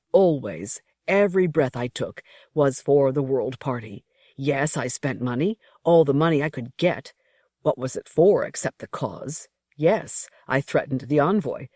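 A reader voicing an old, defeated male rebel leader who speaks slowly and orates in grief. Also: medium pitch, darkish tone, no room sound, studio quality. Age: older. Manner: slow, grieving, orating. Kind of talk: audiobook character reading.

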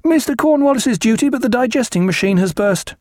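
A man voicing a tall, frightened young midshipman, speaking high and breathless in an audiobook. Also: lively intonation, a little fast, a little mellow, no room sound, clean studio sound.

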